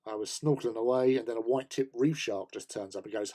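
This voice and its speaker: A man's voice: mid-range voice, fairly quick, dark tone. An English man hosting a casual hobby stream, rambling through a travel story with many fillers and laughs. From England. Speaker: host.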